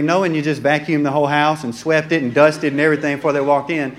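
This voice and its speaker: A pastor preaches to his church in a relaxed, joking way, slipping into little acted-out scenes. His voice sits a touch high for a man. He sounds like he is in his thirties. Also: brisk. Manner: folksy and joking, acting out dialogue. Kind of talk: conversational sermon. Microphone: handheld or stand mic.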